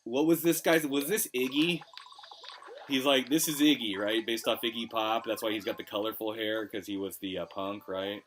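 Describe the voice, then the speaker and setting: A man's voice: on the low side, fairly even intonation, moderate pace, fairly bright tone, slight background noise. A man streaming retro gameplay live, rambling in casual chat and swearing freely. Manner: rambling, swears, lots of restarts. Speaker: gaming streamer.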